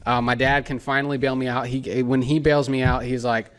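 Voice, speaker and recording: A man in his twenties, a podcast co-host, telling a personal story in a casual, animated way and acting out the people in it. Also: mid-range voice, fairly quick.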